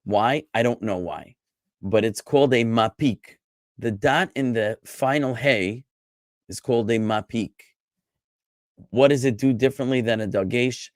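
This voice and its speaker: A rabbi teaching a Hebrew class over a video call, lively and chatty, joking with his students. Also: medium pitch, a little slow, no echo, studio quality. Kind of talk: online class lecture.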